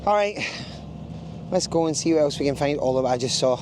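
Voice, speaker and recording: A man's voice: a little high, lively intonation, fairly quick, noisy background. Chatty Scottish man vlogging outdoors. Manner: chatty, rambling, jokey. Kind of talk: casual travel vlog to camera. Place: outdoors in a small town street.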